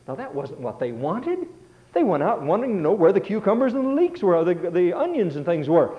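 A man preaching a sermon as a pastor, swinging between loud passages and hushed ones. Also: a little high, sing-song, brisk. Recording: tinny phone-like sound.

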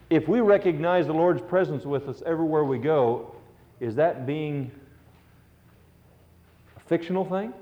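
A middle-aged man preaching a sermon, telling stories with earnest, rising emphasis. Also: a little high. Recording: dull lo-fi recording.

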